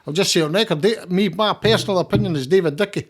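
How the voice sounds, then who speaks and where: Speaking quickly, a Scottish man appears as a guest on a podcast, his fairly high voice carrying a meandering, relaxed story full of stumbles, repeated words and casual profanity.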